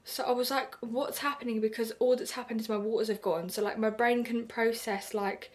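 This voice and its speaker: A woman's voice: a little high, steady tone, brisk. A young British woman telling a personal story to camera in a candid, chatty way, full of fillers and quoted reactions. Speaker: vlogger.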